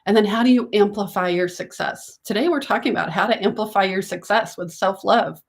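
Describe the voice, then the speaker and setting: Woman, business coach, casual talk to camera, conversational, mid-pitched voice, frequent "right?". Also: brisk, gravelly. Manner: warm coaching tone, often adds "right?".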